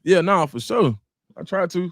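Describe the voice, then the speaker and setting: A man's voice: sits high, lively intonation, moderate pace, dry recording, clean studio sound. A man hosting a casual livestream at home, talking loosely and straight to his viewers and greeting the chat by name. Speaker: livestream host.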